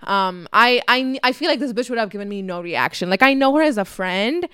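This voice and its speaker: A young woman vlogger telling a casual, fast, filler-heavy story with lots of swearing, acting out her family's voices as she goes. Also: a little high, lively intonation, sharp tone, clean tone, no echo, clean studio sound. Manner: acts out family members' voices.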